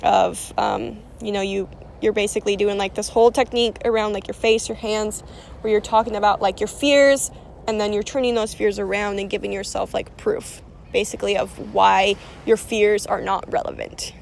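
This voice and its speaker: A woman's voice: mid-range voice, level tone, moderate pace, gravelly, slight background noise. A young woman rambling casually about spiritual energy and self-healing, with lots of fillers and restarts.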